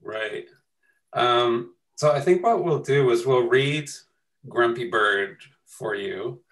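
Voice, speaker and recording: A middle-aged man from Canada leading a conversation over a video call, gentle and measured as he asks questions. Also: medium pitch, low-quality recording. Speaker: co-author and moderator. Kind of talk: casual conversation.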